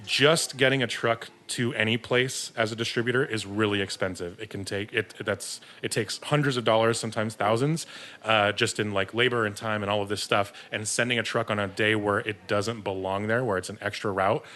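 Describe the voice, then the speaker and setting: Low-voiced man swearing through a story. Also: fairly even intonation, fairly quick, bright, forceful tone. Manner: rambling, swears freely, laughs at himself. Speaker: podcast guest, beer distributor sales rep. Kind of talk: casual storytelling.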